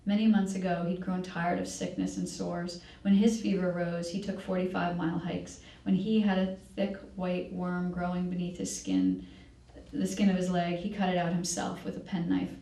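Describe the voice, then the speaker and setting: A woman reading her novel aloud at a public library event. She reads at a measured pace and now and then corrects herself. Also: fairly low pitch, warm tone. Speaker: author reading. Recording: echoey room, distant mic.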